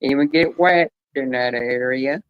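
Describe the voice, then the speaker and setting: A man's voice: mid-range voice, unhurried, clear, resonant tone, lo-fi sound. Rambling, joking man on a live chat. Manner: rambling, joking storyteller with many fillers. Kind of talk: casual live-stream chat.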